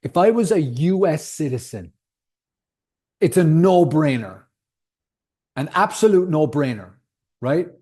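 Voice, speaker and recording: A man's voice: fairly high pitch, lively intonation, unhurried, long pauses, a little mellow, slightly rough. A man in his thirties, not from the United States, hosting a solo podcast in a heated, emphatic rant full of swearing. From outside the United States. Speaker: podcast host.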